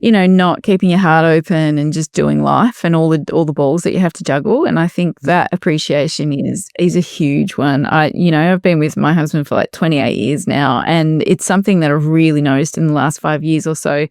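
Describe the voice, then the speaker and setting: A woman in her forties hosts a casual talk, weighing her words in a reflective way. Her voice sits slightly low. The recording is dry. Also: steady tone, a little fast, few pauses, darkish tone, dry recording. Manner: reflective, thoughtful. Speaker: podcast host. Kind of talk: casual conversation.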